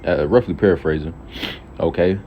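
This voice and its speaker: A deep-voiced preacher moving at a moderate pace reads from the Bible, then talks through the meaning in a loose, casual way, repeatedly saying "all right" and "okay." The recording is dull and lo-fi, with traffic faintly audible.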